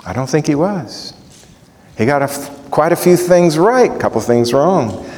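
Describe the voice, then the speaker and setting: A man's voice: on the high side, normal speed. A male preacher teaching from the Bible, asking questions as he goes. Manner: animated, asks the audience questions. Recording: echoey hall.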